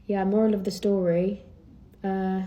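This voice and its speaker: A woman's voice: mid-range voice, little pitch movement, measured pace, mellow. A young woman with an English accent, a professional golfer, talking casually to camera in a vlog rant. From England. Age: young adult.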